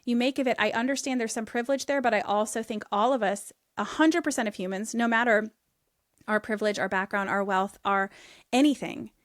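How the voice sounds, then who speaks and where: A woman's voice: on the high side, a little fast, no room sound, clean studio sound. A woman in her thirties, a guest on a podcast, speaking in an upbeat, emphatic way about her views. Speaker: podcast guest, author and podcast host. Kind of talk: casual podcast conversation.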